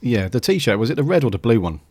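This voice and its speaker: A man's voice: medium pitch, big pitch swings, fast, darkish tone, slightly rough, no room sound. A man co-hosting a podcast in casual chat, talking hesitantly with lots of ums. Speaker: podcast co-host.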